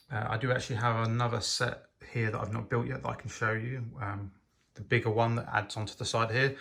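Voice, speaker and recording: Guy reviewing a lego set, gravelly voice, lots of ums, keen about it. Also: mid-range voice, a bit bright. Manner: enthusiastic, hesitant with frequent ums. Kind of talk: casual product review.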